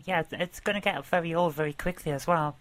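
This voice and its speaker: A woman co-hosting a casual podcast chat, briskly steering the conversation. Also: low-pitched, poor audio. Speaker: podcast co-host.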